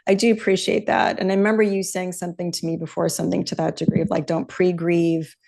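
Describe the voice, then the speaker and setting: A woman's voice: fairly low pitch, level tone, fast, vocal fry, mellow. A middle-aged woman hosting a podcast, chatting casually in an upbeat, candid way that drifts into swearing. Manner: chatty, upbeat, loose with profanity. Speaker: podcast host.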